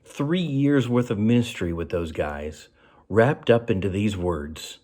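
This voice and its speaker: A man speaking as a pastor, delivering a short devotional sermon in a fairly low voice. He talks earnestly and conversationally, letting his voice fall soft and quiet when he lands a key phrase. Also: animated, a little slow.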